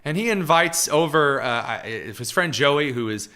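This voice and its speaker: A man hosting a live political commentary show, with a sarcastic, mocking edge. His voice is bright and forceful and sits fairly high. His pitch swings widely as he talks. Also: expressive, a little slow.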